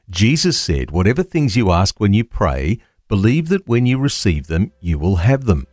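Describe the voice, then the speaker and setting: A man reading a scripted radio devotional as a story, in an expressive manner. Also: fairly low pitch, dry recording, studio quality. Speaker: devotional reader.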